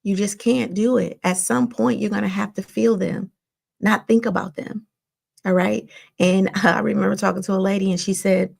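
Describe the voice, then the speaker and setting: A woman's voice: medium pitch, steady tone, normal speed, creaky, darkish tone, slightly rough. A woman therapist hosting a self-help podcast, coaching listeners and often checking in with "right?" and "all right?". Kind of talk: motivational self-help talk.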